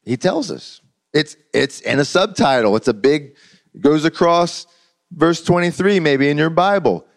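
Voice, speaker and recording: A man's voice: a little high, animated, unhurried, creaky. A man preaching a sermon in a conversational, storytelling way, often repeating words as he goes. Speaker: pastor.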